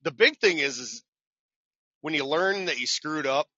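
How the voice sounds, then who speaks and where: Man, truck driver guest, animated self-deprecating storyteller, dull lo-fi podcast audio. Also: on the high side, measured pace, no echo. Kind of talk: casual storytelling interview.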